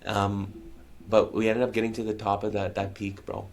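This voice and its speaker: This podcast guest, a man who works as a musician and speaker, talks in a fairly low pitch at normal speed, flat and with vocal fry. His story comes out candid, heartfelt and casual, and he keeps addressing the host as "bro" and "man."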